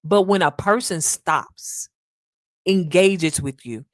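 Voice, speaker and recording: In a sincere, laid-back podcast monologue, a woman calls her listeners "y'all" and performs small quotes. Her voice is fairly low and slow. The recording is dry and of studio quality.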